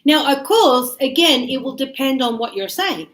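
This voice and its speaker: A woman teaching English grammar to learners, animated and acting out short dialogues as examples. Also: sits high, moderate pace. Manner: animated, acts out little dialogues to illustrate usage. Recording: echoey room.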